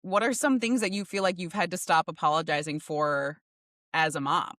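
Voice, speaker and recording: Bright-voiced woman podcast host. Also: lowish voice, normal speed, dry recording, clean studio sound. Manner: relaxed, reacts with short agreeing words. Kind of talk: casual podcast interview.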